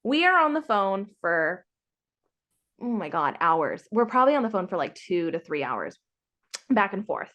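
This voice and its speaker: A woman's voice: medium pitch, very animated, normal speed, a bit bright, dull audio. A woman hosting a casual podcast chat, telling her own story frankly and acting out the other people's lines in quotes. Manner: frank, exasperated. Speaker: podcast host sharing her surrogacy story.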